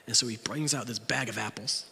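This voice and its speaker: Young male pastor, self-mocking storyteller, very bright tone, long church reverb. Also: mid-range voice, brisk, vocal fry, husky. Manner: joking, self-mocking storyteller, acts out quotes. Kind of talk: storytelling sermon. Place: church sanctuary.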